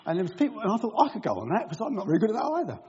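A man's voice: high voice, wildly swooping pitch, rapid-fire, warm tone. An older man reading a Bible passage and then giving a humorous, self-deprecating talk full of anecdotes and voices. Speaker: speaker at a gathering. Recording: dull lo-fi recording.

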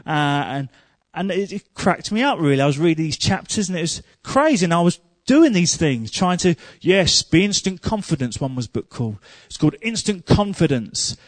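A man preaching a sermon, telling humorous stories and growing loud and emphatic. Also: a little high, big pitch swings, moderate pace, few pauses, no echo.

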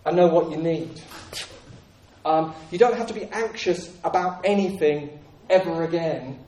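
A man's voice: a little high, a little slow, dark tone. A man preaching a sermon in an earnest, repetitive way with frequent restarts. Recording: echoey room, voice from a distance.

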